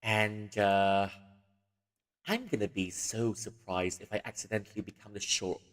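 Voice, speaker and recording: A man's voice: lowish voice, fairly even intonation, unhurried. A man hosting a casual livestream who rambles and giggles, with a long reverb on the recording. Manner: rambling, giggly, full of fillers. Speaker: livestream host.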